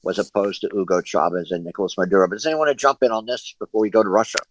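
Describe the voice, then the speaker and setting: A man's voice: fairly low pitch, very fast, a little hiss or hum, rough recording. A man leading an online discussion group over a video call, talking at length with many fillers and restarts.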